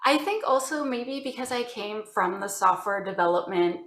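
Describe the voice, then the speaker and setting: A woman from Canada talks casually as an interview guest and tells her stories with energy, acting out the other people in them. Her voice sits at a middle pitch. The sound carries a noticeable room echo. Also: normal speed, slight background noise. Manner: animated storytelling, acting out quoted voices.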